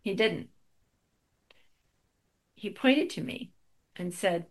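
A woman's voice: medium pitch, lively intonation, very slow. A middle-aged woman giving a spiritual talk, telling a personal story with wry, self-deprecating humor.

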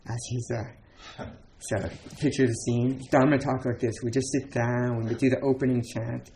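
A man's voice: mid-range voice, little pitch movement, normal speed, dark tone, slight background noise. A man giving a dharma talk as a Zen teacher, casual and chatty, with many fillers and laughs between points.

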